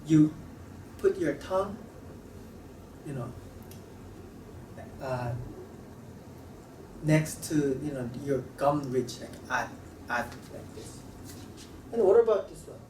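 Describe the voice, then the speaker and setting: Slow-talking male teacher. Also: a little high, animated, mellow. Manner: slow, halting, repeats sounds for demonstration. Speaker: Korean language teacher. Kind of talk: classroom lecture at a board. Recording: roomy, slightly distant mic with faint room noise.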